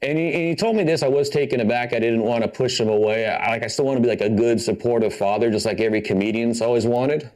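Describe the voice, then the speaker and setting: A man's voice: medium pitch, fast, few pauses, darkish tone. A man in his forties doing a stand-up set about family life, talking in a sheepish, hedging way full of fillers. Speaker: stand-up comedian.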